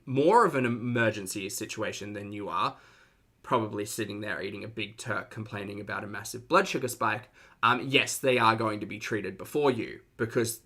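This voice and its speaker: A man's voice: lowish voice, pushed and bright. A man with an Australian accent, giving sarcastic, chatty reaction commentary on a live stream and reading out chat messages.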